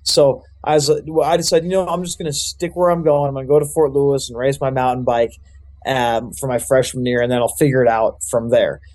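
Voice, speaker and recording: A man's voice: medium pitch, flat delivery, fairly quick, a little mellow. A young man, a youth pastor, telling his life story in a loose, rambling way with lots of fillers. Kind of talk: casual storytelling testimony.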